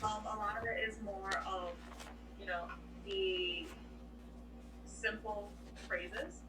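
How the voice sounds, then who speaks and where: A woman's voice: medium pitch, fairly even intonation, slow, noisy background. Hesitant woman student on an echoey call. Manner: hesitant, tentative answers.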